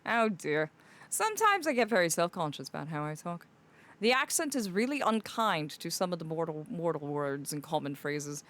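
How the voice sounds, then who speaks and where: Lively theatrical woman streamer. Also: fairly low pitch, normal speed. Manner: theatrical, greets chatters fondly as "my dear". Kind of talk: live-stream chat in a fae persona.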